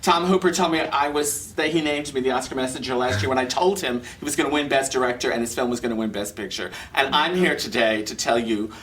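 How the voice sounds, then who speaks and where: Gushing bright-voiced male interviewer. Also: medium pitch, fast, hardly any pauses, slight background noise. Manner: gushing, effusive. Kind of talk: casual chat.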